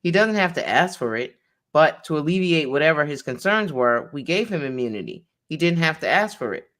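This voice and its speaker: A woman attorney reading a court transcript aloud, calling out each speaker's name before their line and pausing to explain it. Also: sits low, expressive, a bit bright.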